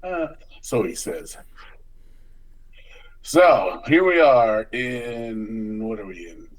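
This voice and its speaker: A man's voice: mid-range voice, very slow, low-quality recording. A man hosting a casual podcast chat, joking and laughing often. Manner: jokey, laughs often, lively exclamations. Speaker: podcast host.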